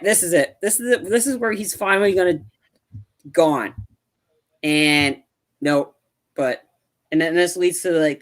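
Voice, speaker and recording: Animated man retelling a movie. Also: fairly high pitch. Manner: animated retelling, acts out quotes, lots of fillers. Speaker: podcast co-host. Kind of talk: casual movie review chat.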